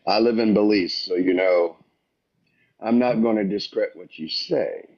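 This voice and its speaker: A man calling in to a live stream, talking in a slow, measured, calm way. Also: on the low side. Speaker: caller. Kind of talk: casual debate. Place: lives in Central America. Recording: muffled call audio.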